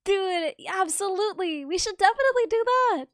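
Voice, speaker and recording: A woman's voice: very high-pitched, lively intonation, a little fast, no room sound, studio quality. A woman streamer with a sick voice, chatting casually and playfully with a guest. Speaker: streamer host. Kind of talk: casual chat.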